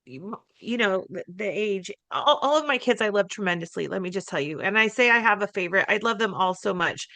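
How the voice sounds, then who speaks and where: A middle-aged woman co-hosting a podcast, telling a family story in an expressive, emphatic way and laughing easily. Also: mid-range voice, brisk, no echo. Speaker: podcast co-host. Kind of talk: casual conversational podcast talk.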